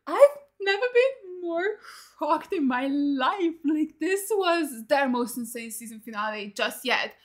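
A woman hosting a TV reaction video, excitable and swearing often. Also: high voice. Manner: excitable, swears a lot, screams at jump scares. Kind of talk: casual reaction commentary.

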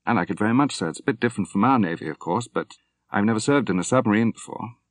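A man voicing a dutiful young naval officer who speaks crisply and politely, in an audiobook reading. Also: lowish voice, animated, fast, no room sound, studio quality.

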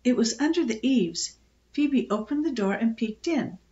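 An older woman reading a children's book aloud with expressive, gentle storytelling. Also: a little high, normal speed, muffled recording.

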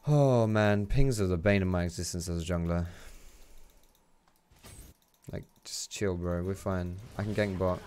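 A young man giving casual, excitable gameplay commentary, chatty and swearing freely. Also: deep voice, measured pace, pauses often, slight background noise. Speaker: gaming YouTuber.

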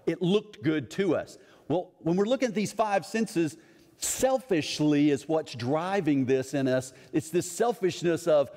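A man's voice: a little high, sing-song, normal speed, a little mellow, long reverb tail. A middle-aged man preaching a sermon as a pastor, conversational and acting out other people's voices in his stories.

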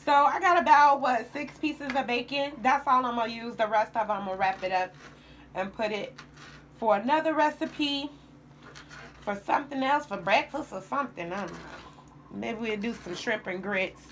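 A woman's voice: fairly high pitch, moderate pace, fairly bright tone, slight background noise. A woman chatting casually to viewers as she cooks in her home kitchen. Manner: chatty, addresses viewers while cooking. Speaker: home cook vlogger. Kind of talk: casual cooking vlog.

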